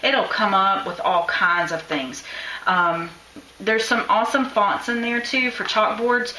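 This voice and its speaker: A woman's voice: medium pitch, fairly even intonation, unhurried, pushed and bright, echoey room, slight background noise, poor audio. A woman teaching a live-streamed craft class, chatting and encouraging her viewers while she draws. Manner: chatty, encouraging, thinks aloud while drawing.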